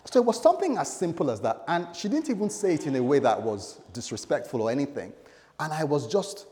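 A man's voice: on the high side, sing-song, fairly quick, mellow. A middle-aged man preaching a sermon, telling a story dramatically with humorous asides to the congregation. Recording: echoey hall.

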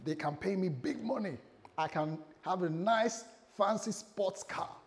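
A middle-aged male pastor preaching to his congregation, telling a personal story with lively, self-mocking humor. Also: sits high, unhurried. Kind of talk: sermon. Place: church, speaking to a congregation.

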